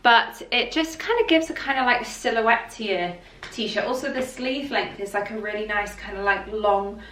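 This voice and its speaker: A woman's voice: mid-range voice, normal speed, fairly bright tone, slight background noise. A woman vlogger in a casual try-on chat, rambling and full of fillers, sounding congested from hay fever. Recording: roomy echo, mic at a distance.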